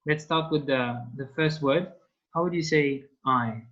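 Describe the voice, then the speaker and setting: Slow, patient tutor on a call. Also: male voice, fairly high pitch, a bit bright. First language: French. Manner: patient, slow step-by-step prompting. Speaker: French tutor. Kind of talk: online language class. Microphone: video call. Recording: dull lo-fi call audio.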